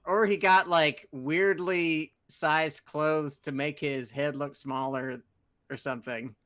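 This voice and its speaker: A man's voice: fairly high pitch, fairly even intonation, slow pace, a bit bright. A man co-hosting a podcast, playful and joking in casual chat. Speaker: podcast co-host.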